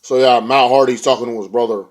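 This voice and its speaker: A man's voice: mid-range voice, steady tone, fast talker. A young man casually recapping a wrestling show, rambling in slang and now and then mimicking the wrestlers. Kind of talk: casual recap, retelling a show with quoted voices.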